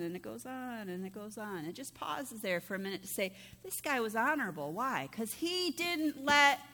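A woman's voice: fairly high pitch, bright, forceful tone. A woman pastor preaching a conversational sermon, often asking "right?" of the congregation. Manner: conversational, peppered with rhetorical "right?". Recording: long reverb of a large hall.

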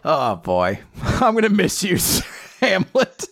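A podcast co-host recapping an anime in a slow, unhurried way and giggling often. The voice moves up and down a lot in pitch. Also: huge pitch swings, creaky, fairly bright tone. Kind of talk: casual chat recapping an anime.

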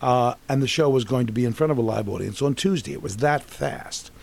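A little fast and creaky at medium pitch, a man in his sixties shares rambling tales from his acting career during a casual interview. He's animated as a guest, restarting his anecdotes along the way.

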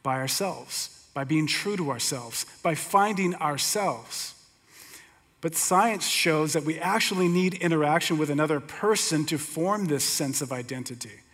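A middle-aged man teaching a sermon, telling stories in a relaxed, conversational way with humor. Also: on the high side, unhurried. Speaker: pastor teaching. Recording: long hall reverb.

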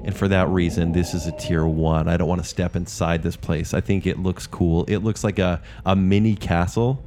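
A man co-hosting a casual chat, talking in a deliberate way. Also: deep voice, steady tone, warm tone, slight background noise. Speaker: podcast co-host.

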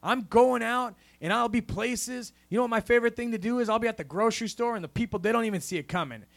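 A man's voice: extremely high pitch, fast, creaky. A man preaching a sermon in a church, punctuating with a call of "amen?" and a rising preacher cadence. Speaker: pastor.

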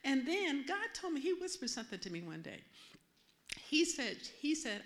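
A high-pitched woman minister delivering a sermon. She preaches in a chatty, animated way and keeps checking in with her audience. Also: moderate pace. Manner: animated, conversational, often asks the audience questions.

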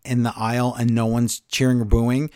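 A man's voice: mid-range voice, little pitch movement, normal speed, mellow, smooth, no echo. A man co-hosting a wrestling podcast, recapping the week's shows in a sarcastic, exasperated way. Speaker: podcast co-host. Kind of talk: casual wrestling recap chat.

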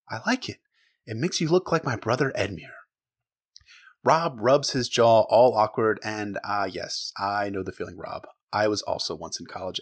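Man, podcast host, sarcastic recap, animated pitch, swears a lot. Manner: lively, sarcastic, swears freely, acts out quotes. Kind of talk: casual book recap with jokes.

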